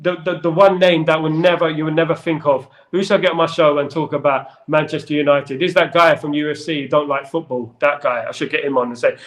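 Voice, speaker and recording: A man hosting a casual football chat, rambling and jokey with playful wordplay. His voice sits a little higher than most men's. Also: steady tone, fast, hardly any pauses. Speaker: football channel host.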